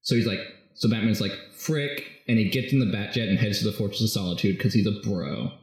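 A man's voice: lowish voice, steady tone, quick pace, gravelly, darkish tone. A man casually recapping a movie script as a podcast host, rambling and jokey, full of fillers. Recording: very echoey room.

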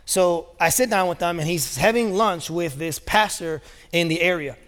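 High-voiced man preaching in a reverberant hall. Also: moderate pace, a bit bright. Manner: casual storytelling with many fillers. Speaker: pastor. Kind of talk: sermon. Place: large church auditorium. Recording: long reverb of a large church hall.

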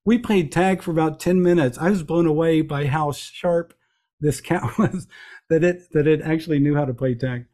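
Animated storytelling man, fairly high voice. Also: normal speed. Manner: animated anecdotes with many restarts, acts out quoted voices. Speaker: guest. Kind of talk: storytelling in a conversational interview.

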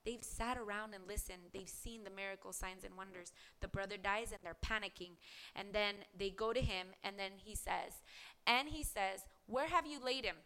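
A woman's voice: mid-range voice, fairly even intonation, moderate pace, sharp tone, clean tone. A woman preaching a podcast sermon, reading scripture aloud and asking earnest rhetorical questions.

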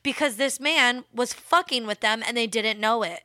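A woman's voice: on the high side, moderate pace, sharp tone, no echo, clean studio sound. A woman co-hosting a casual true-crime podcast, rambling with many fillers and acting out quotes. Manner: rambling, lots of "like", acts out quotes. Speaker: podcast co-host.

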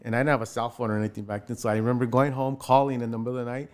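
A man in his forties tells a story in a casual interview, with a mid-range voice. He brings quoted people to life with sudden rises in pitch. His speech is loose and full of fillers. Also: rapid-fire. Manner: animated, acts out quoted voices with jumps in pitch, many fillers. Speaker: actor telling his start in film.

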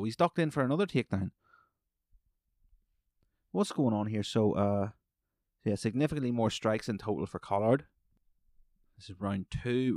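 A man hosting a solo podcast, swearing freely and rambling excitedly while commentating a fight live. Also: on the low side, no echo, studio quality. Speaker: podcast host.

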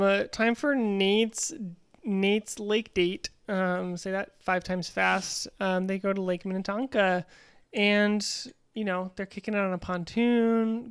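A woman's voice: mid-range voice, clear, resonant tone, no echo, clean studio sound. A woman co-hosting a podcast, recapping a reality dating show in casual, chatty talk with frequent ums. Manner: chatty, frequent "um" and "you know". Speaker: podcast co-host.

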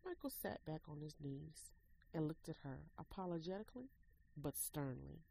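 A woman, the author, reading an excerpt from her own novel in measured narration. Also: deep voice, lively intonation, gravelly, warm tone, slight background noise, poor audio. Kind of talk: dramatic story reading.

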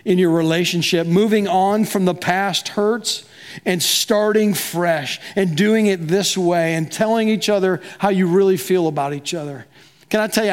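A man preaching a sermon as pastor, talking conversationally and acting out both sides of quoted dialogue. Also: high-pitched.

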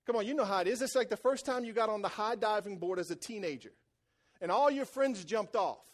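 A pastor gives a sermon in church, hammering home phrases by repeating them and swinging from quiet intensity to loud, excited passages. His voice sits high and his pace is brisk.

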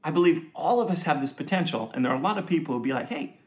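A man preaching a sermon in a conversational, joking way, with asides and quick laughs. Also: a little high, lively intonation. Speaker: pastor. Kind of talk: sermon teaching.

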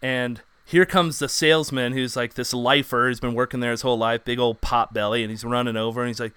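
A man's voice: medium pitch, fairly even intonation, fairly quick, pushed and bright, clean tone, dry recording. A man co-hosting a casual chat, telling rambling anecdotes full of fillers.

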